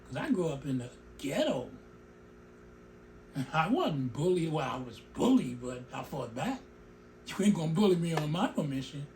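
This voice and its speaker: Animated man with a lively, swinging voice. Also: a little high, normal speed, a little hiss or hum. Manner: animated, emotional, digresses and comments on his own speech. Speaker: show host. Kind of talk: opinion commentary monologue.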